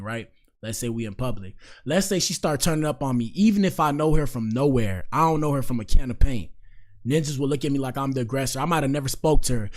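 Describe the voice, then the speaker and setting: Big-talking man giving his take. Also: medium pitch. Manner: conversational, opinionated, repeats himself. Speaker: commentary host. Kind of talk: casual reaction commentary.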